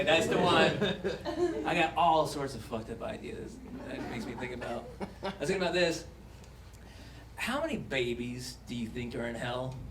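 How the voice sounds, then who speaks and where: Male stand-up comic, animated and profane, high bouncy voice, taped from afar in a roomy club. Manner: swearing, animated, acts out voices. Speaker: stand-up comedian. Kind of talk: stand-up comedy set. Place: comedy club stage with audience laughter. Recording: echoey club recording from a distance.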